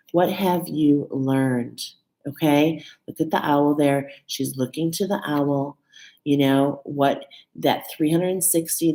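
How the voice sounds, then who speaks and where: A woman's voice: low voice, warm tone, poor audio. A woman giving a casual spiritual card reading, chatty, often checking in with "okay?" and "right?". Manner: emotional, laughing and near tears at times.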